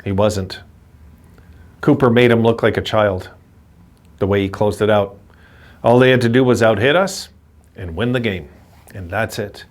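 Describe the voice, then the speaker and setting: Speaking with a fairly low pitch at a measured pace, a man delivers an angry postgame hockey rant as a fan commentator, pausing often. He says the same things over and over and curses at his team.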